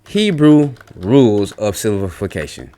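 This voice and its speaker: A man's voice: lowish voice, very animated, normal speed, warm tone, slight background noise. Blunt profane man ranting. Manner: lectures while reading out comments. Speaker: religious commentator. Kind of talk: angry reaction rant.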